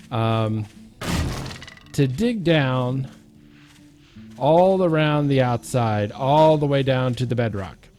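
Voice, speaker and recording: A man's voice: mid-range voice, darkish tone. A man giving casual, playful gameplay commentary, chanting counts and joking at his own expense. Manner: self-mocking, goofy asides.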